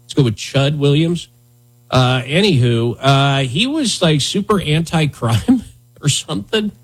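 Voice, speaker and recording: A man's voice: on the high side, lively intonation, measured pace, breathy edge. A man hosting a talk radio show, riffing in a sarcastic, rambling, mock-indignant way. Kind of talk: casual comedic talk radio banter.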